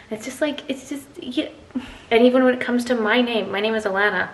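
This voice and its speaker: English woman in her twenties, rambling jet-lagged vlog chat, gravelly edge, roomy sound. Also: medium pitch, fairly even intonation. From England. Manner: chatty, rambling, quick tangents. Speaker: vlogger. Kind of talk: casual morning chat to camera. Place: home.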